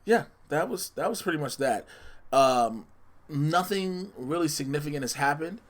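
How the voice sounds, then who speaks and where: A man's voice: on the high side, animated, normal speed. A man hosting a solo podcast, chatting casually and in a scattered way. He often corrects himself and teases his listeners with spoilers. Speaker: podcast host.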